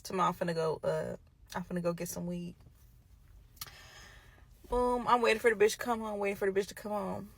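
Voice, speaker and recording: A young woman spills a messy personal story in a casual chat. She talks bluntly, curses freely, and sounds gossipy. Her pitch sits in the ordinary middle range. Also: fairly quick, creaky, long pauses, dry recording, poor audio.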